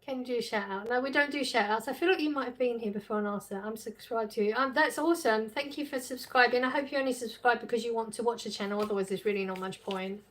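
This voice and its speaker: A woman chats casually on her live stream, reading out viewer messages and reacting with frequent laughs. Her voice sits a little higher than most women's. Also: quick pace, hardly any pauses. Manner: chatty, reads chat aloud, laughs often. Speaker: livestream host reading chat.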